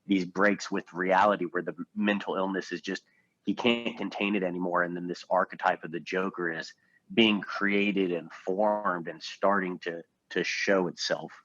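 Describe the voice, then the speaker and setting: Man, podcast co-host, husky, low-pitched, casual earnest chat, dull dry audio. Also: fairly even intonation, moderate pace, fairly bright tone, dry recording. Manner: earnest, many restarts. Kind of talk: casual film discussion.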